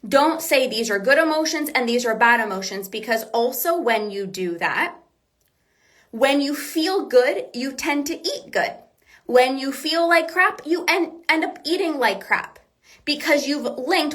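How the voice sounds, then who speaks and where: Hosting her motivational podcast, a woman who coaches on binge eating speaks in a high, animated, somewhat bright voice at an unhurried pace. She reassures listeners earnestly, restates key ideas, and acts out lines of self-talk.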